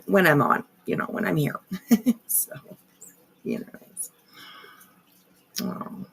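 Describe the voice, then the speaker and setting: A woman's voice: deep voice, gravelly, a bit bright, husky. A woman hosting a casual live stream, rambling with lots of fillers and frequent swearing. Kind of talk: casual livestream commentary.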